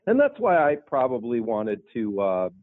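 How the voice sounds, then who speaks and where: A man's voice: medium pitch, huge pitch swings, moderate pace, no room sound. A male caller rambles through his point with plenty of fillers, his voice thin and squeezed through a phone line. It sounds dry, with no room behind it. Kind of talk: casual call-in chat.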